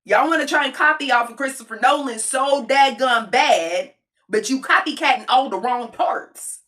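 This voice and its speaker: A woman's voice: sits high, moderate pace, a bit bright. An adult woman giving a casual, emphatic review to camera, slangy and talking directly to her viewers, repeating points for effect. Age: adult with a child. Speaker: video creator reviewing a film.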